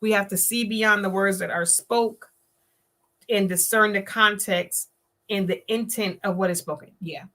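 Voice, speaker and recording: A woman's voice: mid-range voice, fairly even intonation, unhurried, a bit bright. A woman hosting a live-streamed talk show, speaking emphatically and preaching her point, often acting out the words of others. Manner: emphatic, preachy, acts out quotes in voices.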